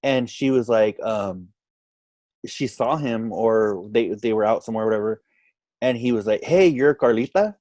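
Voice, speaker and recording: A man casually telling a story on a podcast, animated, acting out what other people said. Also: fairly low pitch, moderate pace, dry recording. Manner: animated, quotes others in lively voices. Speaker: podcast guest.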